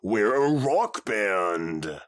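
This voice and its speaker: A man's voice: on the low side, big pitch swings, drawn-out words, no echo, studio quality, heavily acted. A man voicing a brash tomboy pony girl who talks in a cocky, taunting way.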